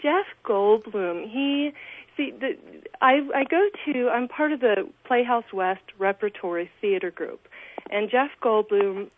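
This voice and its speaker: A woman's voice: a little high, a little slow, dry recording. An actress being interviewed over the phone, gushing and restarting her sentences often. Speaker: actress guest. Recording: tinny phone line.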